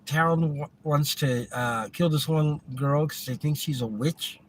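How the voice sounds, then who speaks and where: A man's voice: on the high side, unhurried, low-quality recording. A man hosting a live driving vlog, rambling and chuckling as he thinks aloud from inside a moving car. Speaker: vlog host. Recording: road noise from a car.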